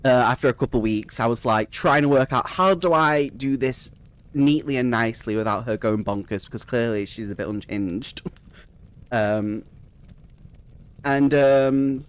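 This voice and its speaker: A man's voice: medium pitch, measured pace, clear, resonant tone. Man telling a rambling story. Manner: rambling, swears freely, laughs at his own story. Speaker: streamer. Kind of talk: casual storytelling.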